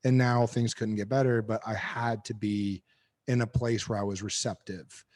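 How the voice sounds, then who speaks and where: A man in his thirties, a podcast guest, telling personal stories in a candid, animated way and swearing freely. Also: lowish voice, moderate pace. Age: 30s. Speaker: podcast guest, knife maker. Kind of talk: casual interview chat.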